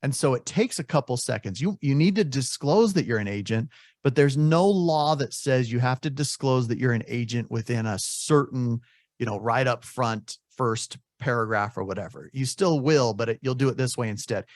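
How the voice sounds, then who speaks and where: A man's voice: mid-range voice, moderate pace, no room sound, studio quality. Candid man coaching real estate agents. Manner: candid, acts out sample phone calls. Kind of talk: coaching talk on a video call. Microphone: video call.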